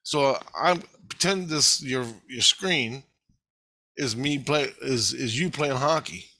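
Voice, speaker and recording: A man telling a rambling, profane story in casual vlog style, getting excited as he goes. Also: medium pitch, slow, no echo. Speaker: vlogger.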